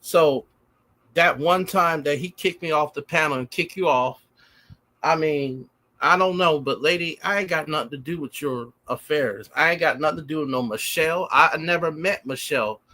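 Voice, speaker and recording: A man's voice: fairly high pitch, normal speed, pushed and bright. A man who is a guest on a livestream, talking in a defensive, aggrieved and rambling way. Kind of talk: casual livestream talk.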